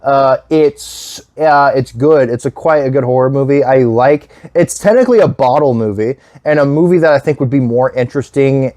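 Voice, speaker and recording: A man's voice: mid-range voice, moderate pace, hardly any pauses, a little mellow, no room sound. A man in his twenties rambling casually through a movie vlog, swearing often and breaking into laughter. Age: 20s. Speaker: YouTube host.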